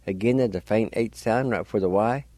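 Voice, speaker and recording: A man's voice: on the low side, fairly quick, warm tone, no echo. A man teaching language on the radio, patiently spelling out and pronouncing words letter by letter. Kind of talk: slow spelling and pronunciation lesson.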